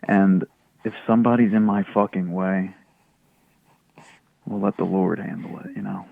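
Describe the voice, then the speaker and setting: A man's voice: sits low, fairly even intonation, moderate pace, creaky, dry recording. A man from Philadelphia with a Philly accent, calling in and rambling in a profane, casual way. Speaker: caller. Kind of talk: casual call-in chat. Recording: tinny phone-like line with faint music.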